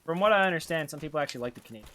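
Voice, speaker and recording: A man streaming a game live, chatting casually and rambling between quick reactions to the action. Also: on the high side, animated, sharp tone, a little hiss or hum. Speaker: gaming streamer. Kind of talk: casual live gameplay chat.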